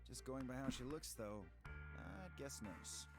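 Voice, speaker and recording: A man's voice: mid-range voice, expressive, measured pace, music in the background. An actor voicing a laid-back adult man who talks offhandedly. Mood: offhand.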